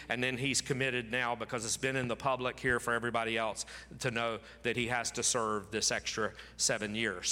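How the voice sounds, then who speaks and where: A man's voice: mid-range voice, pushed and bright, big-room sound. A man preaching a sermon, reading scripture aloud dramatically and repeating phrases for emphasis. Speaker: pastor.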